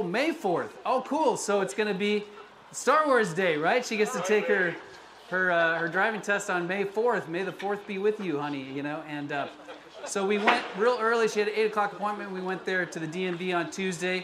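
A man's voice: high-pitched, moderate pace, a crowd in the background. A man in his forties from the United States, a pastor giving a chatty, personal, self-deprecating sermon in a church sanctuary. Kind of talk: conversational sermon. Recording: echoey room with background noise.

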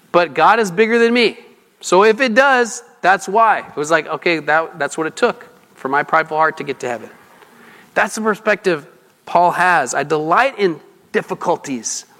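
A high-voiced man preaches a sermon in a loose, conversational way, often asking his listeners questions. His tone is bright and forward. The sound carries a long hall reverb. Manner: conversational, asks the congregation questions, restarts often. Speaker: pastor.

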